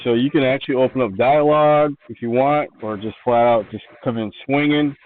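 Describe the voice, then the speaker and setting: A man's voice: mid-range voice, fairly even intonation, no room sound. Game master man on a tinny call line. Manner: explains rules patiently, halting restarts. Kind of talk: narrating a tabletop game. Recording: tinny phone-like call audio.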